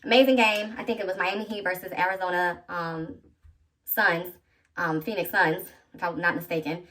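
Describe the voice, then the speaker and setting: A woman in her thirties telling a personal story to her viewers in an animated, chatty way, talking straight to them. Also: fairly low pitch, moderate pace, recorded from a distance. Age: 30s. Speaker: vlogger.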